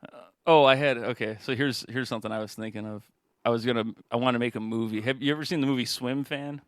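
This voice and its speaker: A man co-hosting a comedy podcast, pitching crude jokes and tripping over his words. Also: steady tone, quick pace, fairly bright tone, no echo, studio quality. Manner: crude, joking, tumbling words. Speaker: podcast co-host. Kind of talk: casual comedic chat. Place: podcast studio.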